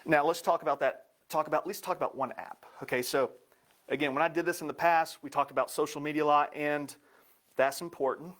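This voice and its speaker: A man's voice: a little high, steady tone, fairly quick, fairly bright tone. A man giving a live presentation in an upbeat, joking way.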